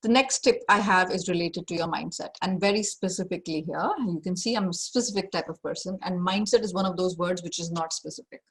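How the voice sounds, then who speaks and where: A woman's voice: fairly low pitch, a little fast, few pauses, husky. A woman career coach giving an online masterclass over a video call, direct and emphatic, stressing her key points more than once.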